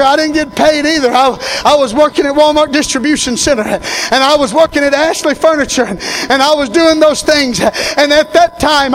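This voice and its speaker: A man, preaching a sermon as pastor, swinging from shouted climaxes to hushed, personal storytelling. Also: very high voice.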